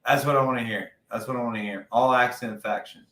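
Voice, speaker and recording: A man's voice: medium pitch, steady tone, fast, fairly bright tone. A man co-hosting a casual chat about wrestling, opinionated and rambling, swearing freely. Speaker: podcast co-host. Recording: roomy echo.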